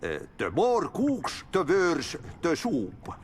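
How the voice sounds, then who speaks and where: An actor playing a cheerful, eccentric janitor with a Finnish accent who speaks in folksy proverbs in video game dialogue. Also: male voice, on the high side, wildly swooping pitch, slow, a little hiss or hum, full character voice. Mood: cryptic cheerful. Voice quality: sing-song, chuckling, folksy sayings.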